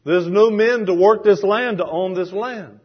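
This pastor's sermon comes through a dull lo-fi recording. His voice is high-pitched, slightly rough, and a little slow, and he preaches in an animated way, acting out the voices of people he quotes.

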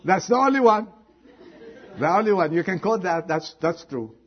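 Animated husky male preacher. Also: high voice, moderate pace, highs cut off, a faint crowd. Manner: animated, shifts from loud exhortation to hushed prayer. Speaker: pastor. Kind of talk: sermon.

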